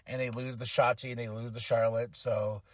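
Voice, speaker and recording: A man hosting a podcast, casually recapping a wrestling show, animated and quick to laugh as he acts out what the wrestlers said. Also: medium pitch, no echo. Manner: animated, acts out quotes in changing voices, laughs often. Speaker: podcast host.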